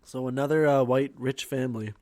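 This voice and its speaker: A man's voice: mid-range voice, steady tone, fairly quick, darkish tone, slight background noise. A man co-hosting a comedy podcast, trading sarcastic jokes in casual chat. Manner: joking, sarcastic banter. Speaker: podcast co-host.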